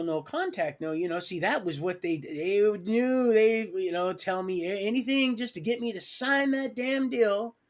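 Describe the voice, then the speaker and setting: A man telling a rambling personal story on a livestream, animated, swinging between loud outbursts and quiet asides and acting out what others said. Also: high-pitched. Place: home livestream setup.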